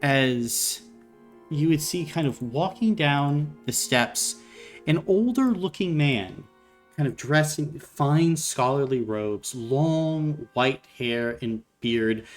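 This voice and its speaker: A man narrating as game master, describing the scene at a slow and unhurried pace. His pitch moves a lot, and faint music plays underneath.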